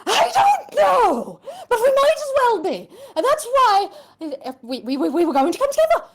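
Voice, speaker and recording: A frantic, shrill noble chicken lady. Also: very animated, exaggerated voice. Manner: shrill, rushed, stammering. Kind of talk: tabletop role-play voicing.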